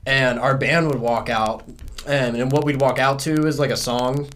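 A man's voice: mid-range voice, steady tone, normal speed, a bit bright, a little hiss or hum. Rambling young man. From South Carolina, USA. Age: 20s. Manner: rambling, heavy on fillers like "like". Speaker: podcast guest, music student. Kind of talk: casual interview chat.

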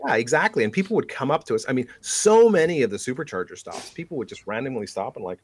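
Animated Canadian man telling road stories. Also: mid-range voice, fast talker, a little hiss or hum. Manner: animated storyteller, laughs often. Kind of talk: casual chat.

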